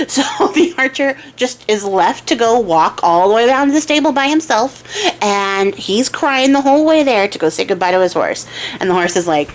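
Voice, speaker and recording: A woman's voice: medium pitch, expressive, moderate pace. A young woman hosting a crafting channel, casually retelling a folktale with chatty asides and frequent giggles. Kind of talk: casual storytelling while crafting.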